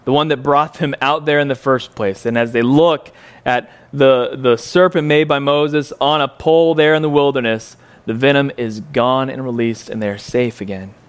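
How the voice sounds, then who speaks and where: A man teaching a Bible story in a casual, conversational way, full of rhetorical questions and fillers, swinging from incredulous highs to quiet reflection. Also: steady tone, normal speed, clean tone.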